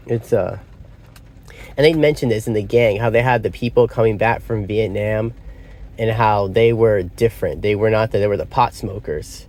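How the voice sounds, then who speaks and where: A man's voice: mid-range voice, moderate pace, a little mellow. A man giving a casual spoken film review, rambling and often losing his train of thought. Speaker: movie reviewer. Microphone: phone or small device.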